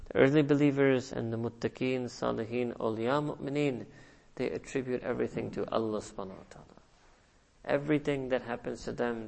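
Male preacher, gravelly voice, rhetorical and repetitive, teaching sermon. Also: medium pitch. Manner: rhetorical, repeats phrases, asks "hmm?" to listeners; quotes Arabic and Urdu phrases. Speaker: religious teacher.

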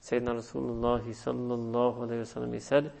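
A man delivers a sermon in a gravelly, creaky voice at a middle pitch. He works by repetition and rhetorical questions, and slips in Arabic and Urdu terms as he teaches. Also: level tone, quick pace, darkish tone. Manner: rhetorical, repeats phrases, asks "hmm?" to listeners; quotes Arabic and Urdu phrases. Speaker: religious teacher.

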